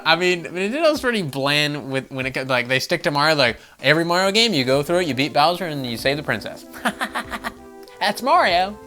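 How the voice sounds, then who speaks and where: An American man hosting a gaming channel, ranting casually with swearing and mocking voices. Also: on the high side. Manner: animated, swears, mock voices, laughs often. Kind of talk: casual opinion rant.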